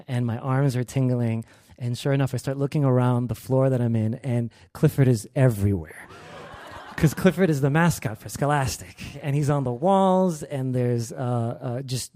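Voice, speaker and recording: A young man telling a personal story on stage, lively and acting out the quoted lines. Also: medium pitch. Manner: animated, acts out quoted lines.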